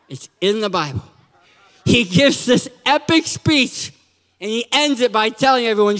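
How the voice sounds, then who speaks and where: Male guest preacher, high sharp voice, playful and animated, long church-hall reverb. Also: normal speed. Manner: animated and joking, acts out quotes with shouts. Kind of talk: sermon.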